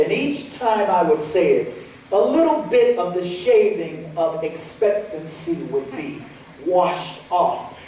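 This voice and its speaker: A man giving a sermon as a guest speaker, telling a personal story vividly and moving between lively and hushed passages. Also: high-pitched. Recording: echoey hall, distant mic, faint hiss.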